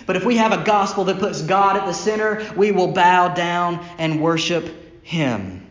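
A male pastor preaching a sermon from the pulpit, pressing points with repeated phrases and dropping low and slow on key lines. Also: roomy sound. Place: church sanctuary, from the pulpit.

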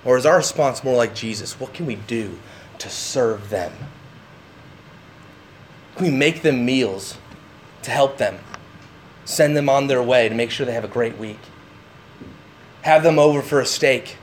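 A man's voice: medium pitch, a little slow, pauses often, slight background noise. A man preaching a sermon in a church, talking to the congregation and often asking "right?". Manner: animated, talks to the congregation with frequent "right?". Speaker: pastor. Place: church sanctuary.

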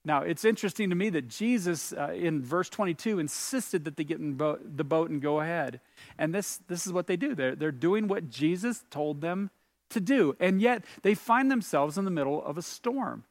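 A man with a fairly high voice preaches in an earnest, conversational way, asking questions and pressing hard on key phrases. The sound is dry and close, with no room around it. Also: dry recording. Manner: earnest, builds to emphatic peaks on key phrases; conversational with restarts, asks the listener questions. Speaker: pastor. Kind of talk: sermon.

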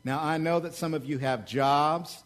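High-voiced animated pastor preaching. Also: male voice, measured pace. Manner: animated, swings between loud emphatic peaks and low asides; joking, conversational asides to the congregation. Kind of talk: sermon. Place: church.

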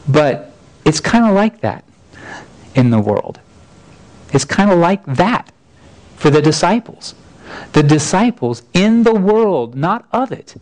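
A man's voice: fairly high pitch, lively intonation, unhurried, darkish tone, rough recording. A man, preaching a sermon as a folksy, earnest personal story with frequent restarts. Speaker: pastor.

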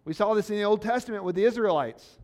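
Talking fast in a high-pitched, slightly mellow voice, this pastor delivers a sermon. He keeps it earnest and conversational, putting rhetorical questions to his congregation.

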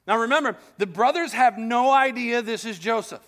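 Animated, casual preaching man. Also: very high voice, moderate pace, hardly any pauses. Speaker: pastor. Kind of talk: sermon.

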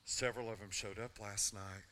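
Bright-voiced preacher man. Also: lowish voice, fairly even intonation, normal speed. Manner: storytelling, rising to a fervent altar call. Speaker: pastor. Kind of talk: sermon with personal story.

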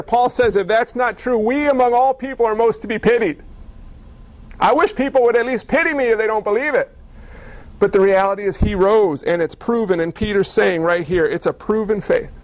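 A male pastor preaching a sermon, lively and full of rhetorical questions and wry asides. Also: sits high, moderate pace.

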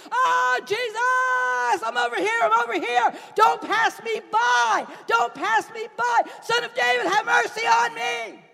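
Desperate blind beggar shouting high, as a woman puts him on. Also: vocal fry, heavily acted. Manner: shouting, pleading. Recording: long reverb in a large hall.

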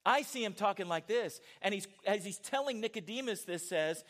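A middle-aged man preaching a sermon in a church, animated and conversational, with asides to his congregation. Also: high voice, normal speed, hardly any pauses. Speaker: pastor. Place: church sanctuary.

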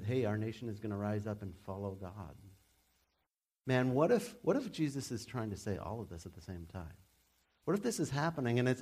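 A young adult man preaching a sermon as pastor, in a casual, animated way with frequent restarts. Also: mid-range voice.

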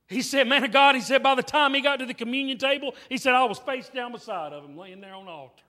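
High, bright-voiced preacher. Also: male voice, expressive, fast, hardly any pauses, long reverb tail. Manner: emphatic, repetitive storytelling preacher. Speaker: revival preacher. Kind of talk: revival sermon with altar call. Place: church sanctuary.

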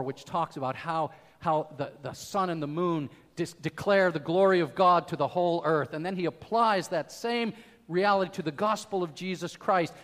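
Emphatic high-voiced preaching pastor. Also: male voice, big-room sound. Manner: emphatic preaching with wide swings in loudness. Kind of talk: sermon.

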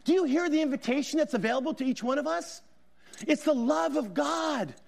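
A middle-aged man preaching as a guest pastor, his voice set unusually high. He talks in a loose, conversational way, telling stories and stacking up repeated phrases for emphasis. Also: lively intonation, a little fast, gravelly. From Southern California. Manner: conversational, storytelling, emphatic repetition. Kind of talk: sermon.

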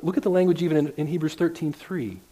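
A man's voice: on the high side, fast, dark tone, breathy edge. A man preaching a sermon to his congregation in a church, earnest and conversational, often restarting his sentences as he works toward a point. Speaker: pastor. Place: church sanctuary.

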